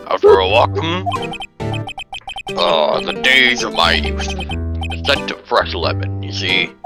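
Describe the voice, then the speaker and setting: Pompous rambling old lawyer, voiced by a fan actor, lively pitch, game music behind. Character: fussy older male defense lawyer.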